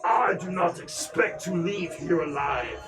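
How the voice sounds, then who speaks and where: Guy playing a defiant sword-swinging warrior, calm and grim, music in the background. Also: a little high, unhurried. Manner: defiant, steady. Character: grim, large male warrior with a massive sword.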